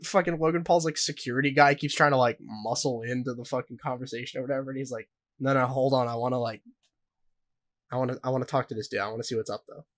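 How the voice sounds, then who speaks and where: A young man co-hosting a podcast, telling a story in a rambling, profane way full of filler words. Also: mid-range voice. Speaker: podcast co-host. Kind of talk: casual podcast chat.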